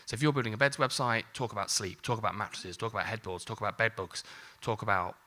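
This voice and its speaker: Delivering a marketing talk live at a conference, this man in his forties speaks fast in a fairly low, bright, forceful voice with fairly even intonation. He's casual and jokey, swears lightly, and acts out exchanges.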